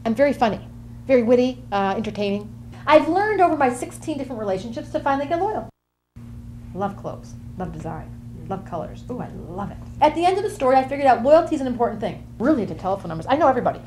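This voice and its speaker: A woman's voice: a little high, big pitch swings, quick pace, mellow. A woman acting out a bubbly, quirky Gemini woman who jumps from topic to topic in a comic monologue. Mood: chatty. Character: chatty flighty Gemini woman, easily bored.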